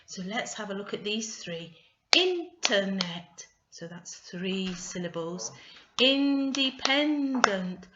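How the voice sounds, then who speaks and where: A woman's voice: medium pitch, fairly bright tone, echoey room, dull audio. A woman tutor giving an English lesson, patient and stressing each word.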